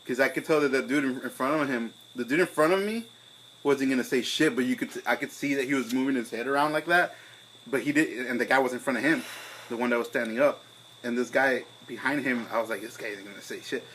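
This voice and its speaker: A young man, co-hosting a casual podcast over beers, telling a profane story and acting out his own angry shouting. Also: mid-range voice, fast, a little hiss or hum, rough recording. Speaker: podcast co-host.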